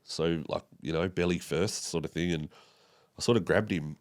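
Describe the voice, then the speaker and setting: A young Australian man from Tasmania, a podcast guest recounting a personal story in a halting way, with many fillers and restarts. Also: low voice.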